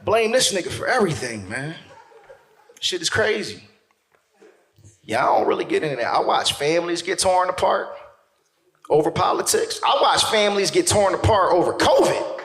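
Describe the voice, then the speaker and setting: Loud, animated male stand-up comedian. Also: high voice, normal speed, pauses often, echoey room. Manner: loud, animated storytelling with acted-out voices. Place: stage in a venue with audience.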